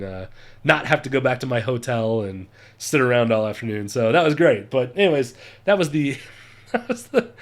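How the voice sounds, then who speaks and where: Man vlogger, a bit high-pitched, laughs often while telling a trip story. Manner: chatty, laughs often, acts out quotes. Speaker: travel vlogger. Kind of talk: casual storytelling.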